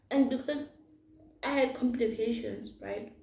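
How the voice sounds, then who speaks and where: A young woman tells a long personal story in a relaxed, chatty way, now and then slipping in Setswana phrases. Her voice sits a little on the high side. The room around her sounds echoey. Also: measured pace, vocal fry. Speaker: vlogger. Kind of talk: storytime vlog while eating.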